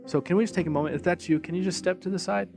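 A man preaching a sermon in a conversational, animated way, telling a story and asking the congregation questions. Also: high-pitched, rapid-fire, vocal fry. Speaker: pastor. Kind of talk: sermon with storytelling and altar call. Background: music playing.

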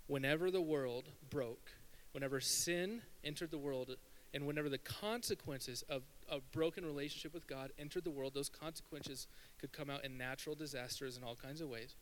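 A man preaching a sermon in an animated, conversational way, with dramatic pauses. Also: a little high, poor audio. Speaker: pastor.

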